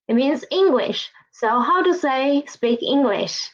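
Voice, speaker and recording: A woman's voice: high-pitched, animated, a little slow, few pauses, highs cut off. A woman teaching a beginner language lesson, speaking patiently and repeating words for the listener to echo.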